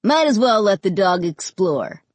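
A friendly grown man showing off a house in a storybook reading, smooth and reassuring, as a woman reads him. His voice has a slight breathy edge, and the recording is dry and close. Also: mid-range voice, big pitch swings, unhurried, no room sound.

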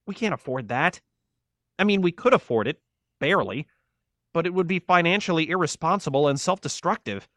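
A man's voice: fairly high pitch, expressive, a little fast, a bit bright, no room sound, clean studio sound, voice pushed up. A man voicing a worried, practical wife who speaks anxiously and pleadingly.

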